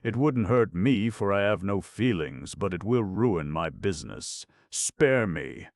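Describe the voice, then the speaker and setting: A man voicing a cheerful vegetable peddler who flatters and coaxes. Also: a bass voice, moderate pace, gravelly, no echo, clean studio sound, exaggerated voice. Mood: coaxing. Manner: flattering, coaxing. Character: cheerful smooth-talking male vegetable peddler.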